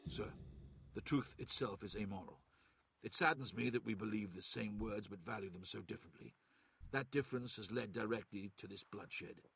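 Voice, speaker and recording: Man reads a stern warrior captain, calm and measured, slightly husky. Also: lowish voice, recorded from a distance, pitched below the performer's own voice, heavily acted.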